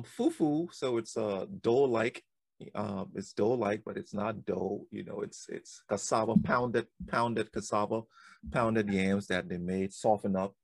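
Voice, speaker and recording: A man hosting a podcast, telling a childhood story in a rambling way with quick laughs. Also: medium pitch, creaky, dry recording. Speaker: podcast host. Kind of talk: casual conversation.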